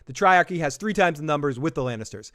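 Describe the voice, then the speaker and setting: A man's voice: a little high, animated, quick pace, fairly bright tone. A man hosting a live episode reaction stream, talking casually with lots of swearing, laughs and self-deprecating jokes.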